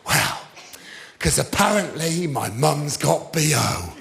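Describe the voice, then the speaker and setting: A man's voice: on the high side, very animated, takes it slowly, gravelly, a bit bright, voice pushed down, full character voice. A man doing a sheepish, mumbling middle-aged bloke. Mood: reluctant.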